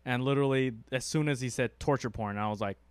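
A man's voice: medium pitch, fast, smooth, no echo. A young man co-hosting a podcast in casual chat, rambling and laughing often. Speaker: podcast co-host.

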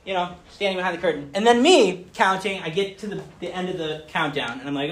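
A man in his thirties giving a playful church talk, telling stories with lots of fillers and bursting into loud, excited acted asides. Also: high voice, a little fast. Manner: chatty, many fillers like "um" and "like". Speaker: speaker giving a children's message. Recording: roomy echo.

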